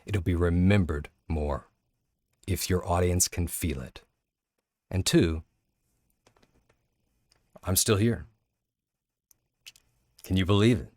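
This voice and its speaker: A man teaching public speaking through a personal story, earnest and candid, often halting and restarting mid-sentence. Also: deep voice, a little mellow, no echo, studio quality.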